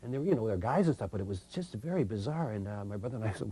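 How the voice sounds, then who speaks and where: Rambling older man with a mellow voice. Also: lowish voice, expressive, husky, dry recording. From Canada. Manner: rambling, halting, self-interrupting. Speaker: guest musician. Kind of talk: casual storytelling.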